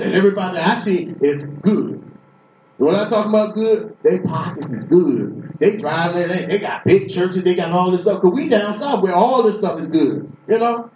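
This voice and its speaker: A man's voice: sits high, lively intonation, moderate pace, a little mellow, slight background noise. Emphatic preacher man in an echoey room. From Boston. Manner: emphatic storytelling, repetitive restarts. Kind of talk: sermon. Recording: echoey room from far off, dull sound.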